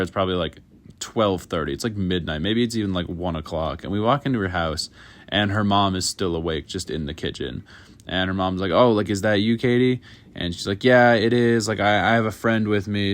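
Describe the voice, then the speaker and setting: A man's voice: low voice, no room sound. A young man telling a personal story in a casual, rambling way, full of fillers. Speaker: YouTuber.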